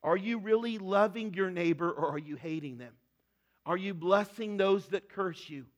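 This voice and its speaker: A middle-aged man preaching a sermon in an earnest, conversational way that often drops to a soft, hushed tone. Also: sits high, moderate pace, dull audio. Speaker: pastor.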